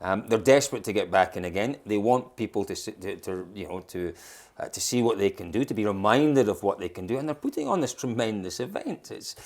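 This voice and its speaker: A Scottish man co-hosting rally news, teasing and bantering in a casual chat. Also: on the low side. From Scotland. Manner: lively, teasing, quick with banter.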